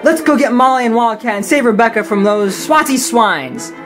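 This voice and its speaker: A reader voicing a grumpy bear pilot, blunt and gruff. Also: mid-range voice, moderate pace, voice pushed up, lightly acted. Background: background film-score music.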